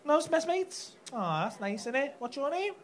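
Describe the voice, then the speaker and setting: A man's voice: very high-pitched, big pitch swings, moderate pace. A male stand-up comedian doing brash, profane crowd work on a comedy club stage with a handheld mic. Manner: brash, profane teasing banter. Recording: live club recording with background noise.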